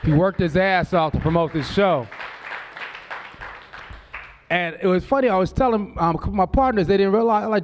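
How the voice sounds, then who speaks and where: A man's voice: high-pitched, normal speed, long pauses. A man in his forties from Southern California doing a stand-up comedy set on a club stage. He tells brash, profane stories and slips into quoted voices. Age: 40s.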